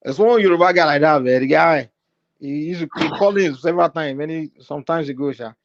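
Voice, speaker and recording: A male talk show host with a Nigerian accent teases his guest, laughing often as he talks. His voice sits somewhat high. The recording is a little dull and lo-fi. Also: fairly quick, no room sound. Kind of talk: casual talk show banter. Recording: slightly dull, lo-fi sound.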